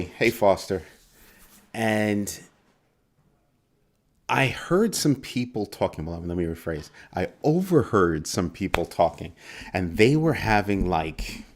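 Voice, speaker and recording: A man's voice: low voice, lively intonation, slow pace, pauses often. A man hosting a casual crypto livestream, greeting viewers in chat by name and teasing them playfully. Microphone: desk microphone.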